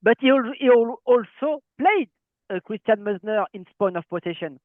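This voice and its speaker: A man's voice: sits high, animated, moderate pace, no room sound. A man with a French accent hosting an interview, asking questions with many fillers and restarts. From France. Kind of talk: casual interview. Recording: tinny phone-like call line.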